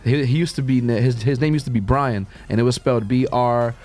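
A man's voice: mid-range voice, fairly even intonation, fairly quick, darkish tone. A young man, a guest DJ and talent scout, chatting loosely in an interview and leaning on "like" and "man" as he talks. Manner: loose, rambling, heavy on "like" and "man". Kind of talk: casual interview chat.

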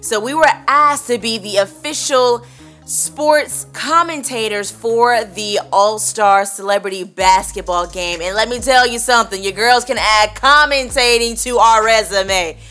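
A woman's voice: on the high side, unhurried, bright, forceful tone, soft background music. A woman co-hosting a radio show, chatting in an upbeat, friendly way and readily agreeing with her co-host. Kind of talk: casual radio chat.

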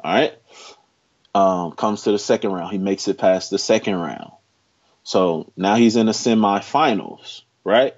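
Deep-voiced man telling a story emphatically. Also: a little slow. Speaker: interview guest. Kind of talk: casual storytelling. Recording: dull lo-fi sound.

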